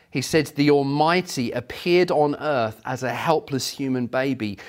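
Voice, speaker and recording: Casting: middle-aged male preacher, slightly higher voice, animated storyteller. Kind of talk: sermon.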